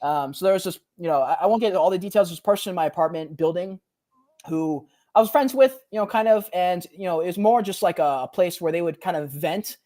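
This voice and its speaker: Speaking fast in a high voice, this twenty-something podcast co-host recounts something that happened to him. He's casual and lively, leaning heavily on slang such as "bro" and "like."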